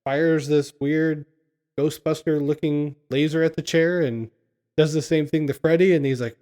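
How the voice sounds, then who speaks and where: A man's voice: a little high, steady tone, moderate pace, dark tone. A man casually recapping a film scene by scene on a podcast, laughing often as he retells it. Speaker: podcast co-host.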